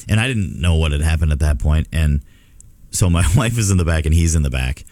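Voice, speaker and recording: A man's voice: rumbling low, brisk, no echo. A middle-aged man hosting a radio show, telling a story in casual chat. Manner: storytelling, animated retelling. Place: radio studio.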